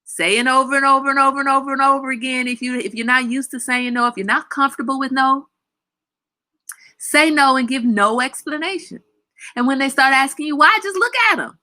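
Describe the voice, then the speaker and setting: Woman livestream host, bright forceful tone, blunt and animated, quick to laugh. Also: high voice. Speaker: livestream talk show host; mother. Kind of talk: casual livestream chat.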